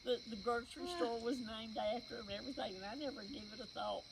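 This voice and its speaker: An older woman with a Southern US accent, chatting casually outdoors and telling halting stories. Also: on the high side, gravelly. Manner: storytelling, halting. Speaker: show visitor. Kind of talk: casual chat. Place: outdoors at a rural event. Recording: noisy outdoor recording.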